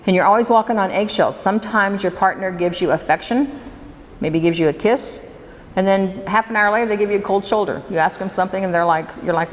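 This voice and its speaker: A woman presents a workshop in a hall with an audience, her medium-pitched voice brisk as she chats with the crowd and puts questions to them. The recording has a reverberant quality and faint background noise from the room.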